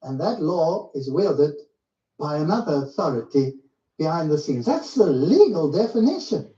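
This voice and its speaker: A man's voice: fairly high pitch, sing-song, moderate pace, mellow. A man preaching a sermon-style lecture, emphatic and full of rhetorical questions to his listeners. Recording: echoey, distant, muffled.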